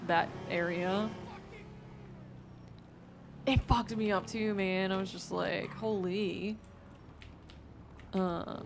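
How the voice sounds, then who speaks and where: Tired young woman streamer, slow gravelly drawl, swears freely, laughs easily, soft background hum. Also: fairly low pitch. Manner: laid-back, profane, laughs easily. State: sleepy and worn out. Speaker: livestreamer playing a roleplay game. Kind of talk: casual stream chatter.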